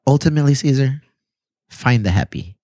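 A man's voice: mid-range voice, animated, moderate pace, dark tone. A man chatting casually on a podcast, cursing freely and dropping Spanish slang. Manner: profane, laid-back, mixes in Spanish slang. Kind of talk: casual chat.

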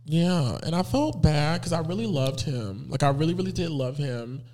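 A man in his twenties chatting candidly and sassily as a podcast guest, telling stories with animated flair. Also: fairly high pitch, moderate pace, a crowd in the background. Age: 20s. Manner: candid, sassy, animated storytelling. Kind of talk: casual chat.

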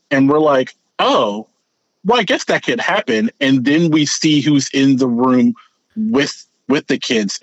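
A man's voice: mid-range voice, dry recording. A man co-hosts a casual podcast chat, rambling along, stumbling over repeated words and then sprinting ahead. His voice sits in an ordinary middle range. The recording is dull and lo-fi, close and dry. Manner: rambling, animated, repeats words while thinking. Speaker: podcast co-host. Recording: dull, lo-fi sound.

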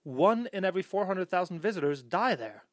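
A man's voice: sits high, very animated, brisk, no echo, studio quality. A man hosting a casual podcast chat, joking around and reading short excerpts aloud. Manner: reads excerpts aloud, jokey. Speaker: podcast host.

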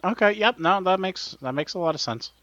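A man co-hosting a casual gaming podcast, playful and prone to giggles, a little tired. His voice sits fairly high and jumps around lively in pitch. Close and dry on the mic. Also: a little fast, dry recording, highs cut off. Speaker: podcast co-host. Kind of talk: casual chat.

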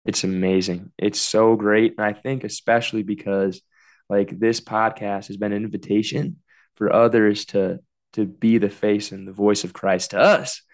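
A man co-hosting a faith podcast, talking earnestly and softly, laughing easily, and leading a spoken prayer into a podcast microphone. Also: on the low side, flat delivery, normal speed. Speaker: podcast co-host. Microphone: new podcast microphone.

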